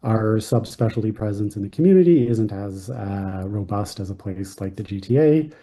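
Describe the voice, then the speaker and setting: A man's voice: on the low side, animated, moderate pace, dark tone. A man presenting a clinical research study at a conference, hesitant and full of ums and uhs.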